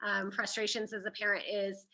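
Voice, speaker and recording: A woman's voice: mid-range voice, little pitch movement, moderate pace, sharp tone, poor audio. A woman hosting a casual discussion, guiding the topics conversationally. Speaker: host.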